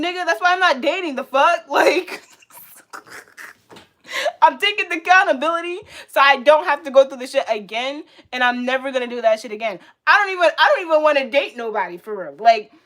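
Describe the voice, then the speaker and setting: A woman ranting to her viewers on a livestream, blunt and profane, swinging between loud outbursts and low muttering. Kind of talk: casual rant to viewers.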